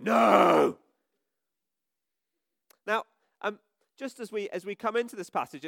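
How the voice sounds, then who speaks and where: A man preaching an all-age sermon in a church, asking children questions in an animated way. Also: sits high, no echo, studio quality.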